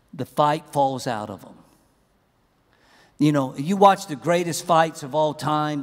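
A middle-aged man preaching a humorous, animated sermon in a large church auditorium. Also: a little high, long reverb tail. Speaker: pastor.

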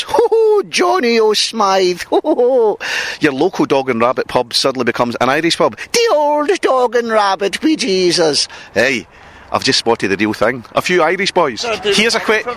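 A man's voice: fairly high pitch, noisy background. A man hosting a street podcast, bantering and teasing people outside a stadium. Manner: joking, teasing, quick banter. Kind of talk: roving street interviews. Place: outdoors on a busy street by a stadium.

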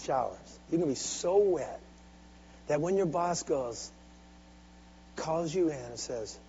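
A male preacher delivering a sermon, calling on the congregation to answer back. He drops to near-murmurs, then builds to loud, driving exhortation in a fairly high voice. The recording sounds dull and lo-fi, with a faint hum underneath. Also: animated, slow. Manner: swings from soft, intimate asides to loud, driving exhortation. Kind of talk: sermon with call-and-response.

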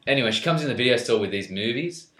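A man's voice: medium pitch, lively intonation, very fast, a bit bright. A man telling a crude story in casual podcast chat, laughing often and swearing freely. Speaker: podcast co-host. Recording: echoey room.

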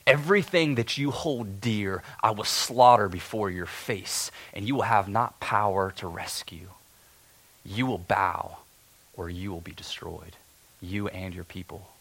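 A man's voice: a little slow, creaky, rough recording. A man doing Haman, a vengeful, menacing official. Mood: menacing hush. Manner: menacing, threatening, low and hushed at times. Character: arrogant, vengeful royal official, a grown man. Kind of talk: dramatic biblical monologue.

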